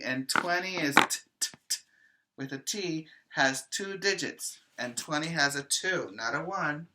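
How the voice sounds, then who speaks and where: A man teaching preschoolers over video, with a bright, forceful tone. He talks very slowly, in a sing-song voice, repeating each word so small children can follow. His questions are gentle and coaxing. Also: on the high side. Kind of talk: virtual preschool lesson.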